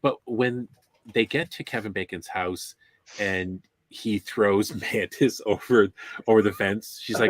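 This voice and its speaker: A man in a relaxed podcast conversation, speaking in a somewhat low voice. He talks things through in an easygoing, chatty way. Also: unhurried, dry recording. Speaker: podcast co-host. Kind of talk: casual fan discussion.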